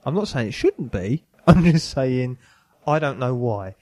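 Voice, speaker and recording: A man's voice: mid-range voice, lively intonation, measured pace, a little mellow. A man hosting a casual podcast, reading a Bible passage with lots of self-mocking laughter. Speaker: podcast host.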